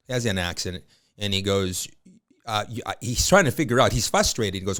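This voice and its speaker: A man's voice: on the low side, brisk. A man in his fifties, a realtor, telling colloquial anecdotes as a podcast guest. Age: 50s. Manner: lively anecdotal storyteller, colloquial, with frequent fillers. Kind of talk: storytelling in a podcast interview.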